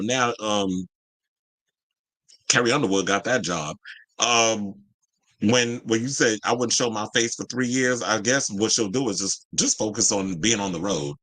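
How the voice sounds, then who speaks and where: Animated chatty man with lilt. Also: lowish voice. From Georgia, USA. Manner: animated, chatty, laughs often, slangy asides. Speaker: host. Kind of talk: casual entertainment commentary with live chat.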